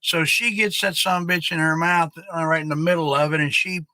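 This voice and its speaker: A man's voice: a little high, fairly even intonation, bright, forceful tone, no echo. A man hosting a casual live stream, rambling and swearing freely as he chats with viewers. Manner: rambling, profane, drawn-out.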